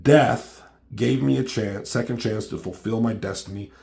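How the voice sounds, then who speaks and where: A man's voice: on the low side, moderate pace, vocal fry, a little mellow. A man reading out the lines of a grandiose, ranting masked villain knight, monologuing. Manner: reads lines aloud in a monologuing tone.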